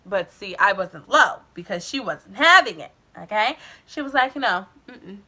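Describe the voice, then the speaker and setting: Her voice medium in pitch, expressive, pushed and bright, a young woman vlogger recounts a personal story at a moderate pace with music underneath. It's a frank, chatty storytime, full of "like" and sprinkled with swearing.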